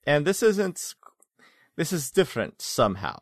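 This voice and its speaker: A man running a tabletop game as game master, narrating thoughtfully with many pauses and fillers. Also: a little high, huge pitch swings, no echo, studio quality.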